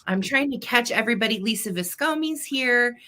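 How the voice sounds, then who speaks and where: Upbeat woman host for a live-sale stream, bright voice, chatty and welcoming by name. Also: on the high side, expressive, brisk. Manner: chatty, greets viewers by name. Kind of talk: casual live-stream chat.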